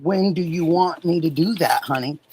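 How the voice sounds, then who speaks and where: A middle-aged woman from Oregon hosting a casual livestream, warmly thanking viewers and answering chat messages. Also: sits low, normal speed, heavy background noise. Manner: warm, gushing, reads and answers chat messages. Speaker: livestream host.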